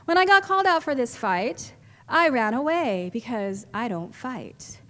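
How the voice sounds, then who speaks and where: A middle-aged woman, giving an animated storytelling talk to a live audience in a large hall. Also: on the high side, measured pace. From California, USA. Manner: animated, chatty, laughs often, with restarts. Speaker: symposium speaker. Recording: echoey hall reverb.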